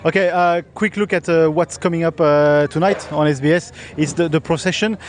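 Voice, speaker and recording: Male host, slightly high pitch, halting delivery. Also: steady tone, slight background noise. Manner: hesitant, many uh fillers. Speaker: podcast host. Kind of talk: casual chat.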